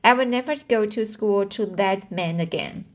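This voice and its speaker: A woman reading aloud the lines of a stubborn, dramatic young orphan girl in an earnest, halting way. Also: medium pitch, lightly acted.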